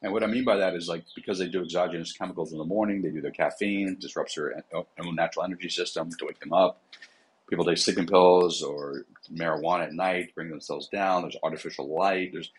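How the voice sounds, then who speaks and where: A man's voice: low voice, steady tone, fast, a little hiss or hum, poor audio. A man, a psychotherapist and coach, talking casually in a podcast interview, with many fillers.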